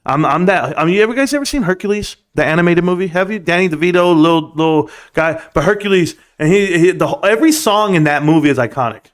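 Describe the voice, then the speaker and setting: A man hosting a casual livestream, ranting and mocking in an animated way as he reads viewer comments. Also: high voice, fast, few pauses. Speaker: livestream host.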